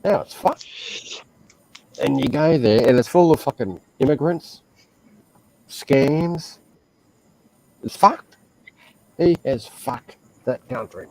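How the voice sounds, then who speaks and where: Slow, blunt Australian man. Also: mid-range voice, expressive, mellow, poor audio. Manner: blunt, profane storytelling. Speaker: stream host. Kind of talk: casual chat.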